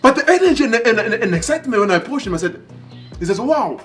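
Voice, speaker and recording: A man telling motivational stories in an animated way, breaking into excited exclamations. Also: very high voice, fast, soft background music. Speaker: motivational speaker. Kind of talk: motivational storytelling.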